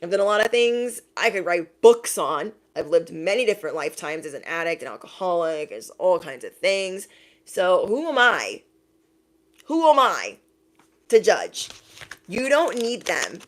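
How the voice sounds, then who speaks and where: A woman giving a casual, chatty tarot reading, acting out the people she quotes in lively voices. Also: fairly low pitch, a little slow. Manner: chatty, animated quoted voices, laughs at own jokes. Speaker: tarot reader.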